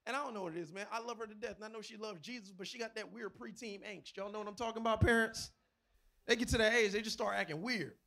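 A man in his thirties preaching a sermon, a father of a preteen daughter, with sudden loud bursts and asides to the congregation. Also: sits high, fast talker, vocal fry. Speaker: pastor.

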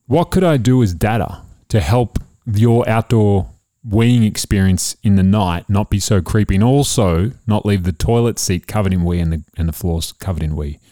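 A man's voice: fairly low pitch, moderate pace, mellow, dry recording, clean studio sound. A man, a father hosting a casual family podcast and joking with his kids. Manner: playful, teasing, jokey.

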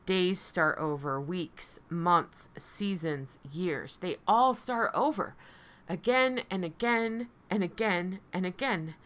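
Earnest woman with a bright, low voice. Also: takes it slowly. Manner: earnest, heartfelt, repeats phrases for emphasis. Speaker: podcast host and recovery coach. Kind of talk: personal reflective podcast monologue.

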